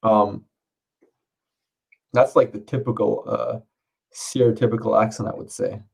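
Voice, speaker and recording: Man, casual rambling chat, swears, laughs a lot, slightly low, husky. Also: steady tone, measured pace, darkish tone, rough recording. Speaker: streamer. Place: home, under curfew.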